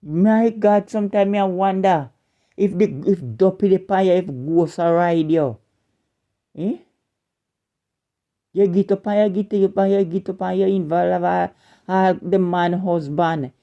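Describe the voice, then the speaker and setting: A woman's voice: on the low side, measured pace, lo-fi sound. A woman with a Jamaican accent delivering an indignant scolding rant as an online commentator, repeating and stumbling over her words.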